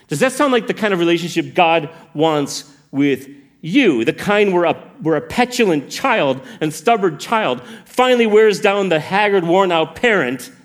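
A man delivers a sermon in a lively voice that climbs and dips widely. His voice sits a little high for a man, and he keeps putting questions to the congregation. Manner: animated, asks the congregation questions. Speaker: preacher.

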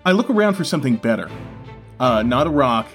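A man playing a tabletop game who describes his character's actions in an animated, playful way. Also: mid-range voice, fairly quick, faint music behind. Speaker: player.

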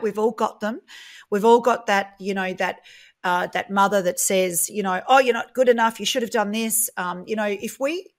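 A woman, a guest in a casual interview, telling stories in a chatty, animated way and acting out the dialogue she quotes. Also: medium pitch. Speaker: guest, property business founder.

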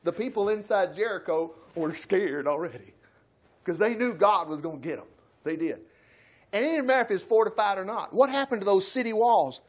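Guy preaching a bible study, high voice, folksy, acts out the quotes loud. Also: lively intonation, fairly quick.

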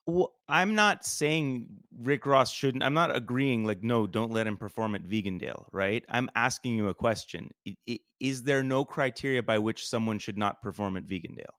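A man co-hosting a podcast, asking measured questions in a discussion. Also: medium pitch, lively intonation, a bit bright, dry recording, clean studio sound. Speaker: podcast co-host.

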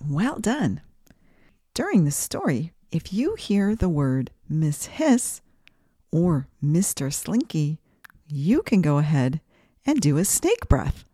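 A woman's voice: low voice, big pitch swings, takes it slowly, dark tone, slightly rough, no room sound, studio quality. A woman hosting a children's podcast, reading a story aloud and guiding breathing exercises in a sing-song, guiding way.

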